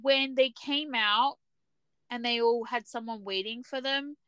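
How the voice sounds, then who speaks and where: A woman's voice: fairly high pitch, unhurried, a bit bright, clear, resonant tone, dry recording. A woman co-hosting a podcast in casual chat, chatty and restarting often as she acts out her own reactions. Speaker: podcast co-host.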